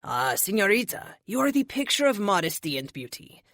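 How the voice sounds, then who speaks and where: Woman voicing a flattering male shopkeeper. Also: mid-range voice, normal speed, no echo, studio quality. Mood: effusive. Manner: generous, flattering, sprinkles Spanish words. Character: warm, effusive middle-aged male shopkeeper. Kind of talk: audiobook character voice.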